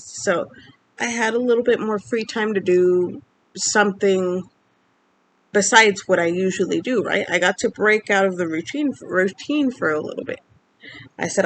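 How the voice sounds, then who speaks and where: A young Mexican vlogger in her twenties candidly tells a personal story in a casual vlog, rambling with lots of fillers. Her voice is mid-range and a bit bright, with slight background noise.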